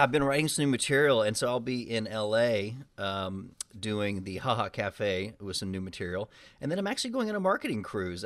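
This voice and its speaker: A man's voice: mid-range voice, dry recording. Texan male podcast host, upbeat and chatty, dry close sound. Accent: Texas. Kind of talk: casual talk-show chat.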